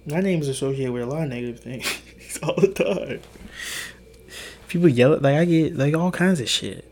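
A tired young man hosting a solo podcast, talking in a hushed, half-whispered way, rambling and swearing with little laughs. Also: a little high, animated, normal speed. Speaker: podcast host. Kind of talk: solo late-night podcast monologue.

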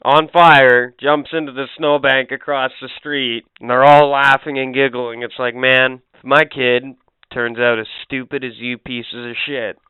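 A man's voice: medium pitch, level tone, a little slow, clean tone, no echo, narrow, tinny audio. A man co-hosting a casual podcast, telling stories in crude, joking banter. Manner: profane, jokey storyteller. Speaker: podcast co-host.

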